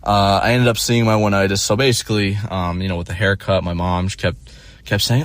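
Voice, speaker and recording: Young man, low voice, casual rambling story, swears a lot, lots of restarts, dry close sound. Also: little pitch movement, a little fast, no room sound. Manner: rambling, profane, full of restarts. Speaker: streamer.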